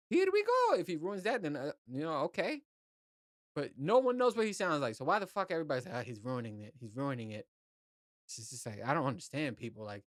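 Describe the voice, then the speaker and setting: A man's voice: fairly high pitch, a bit bright, no room sound. Guy rambling on his podcast, swears a lot, laid back, dry close sound. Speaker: podcast host. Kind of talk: casual solo podcast monologue.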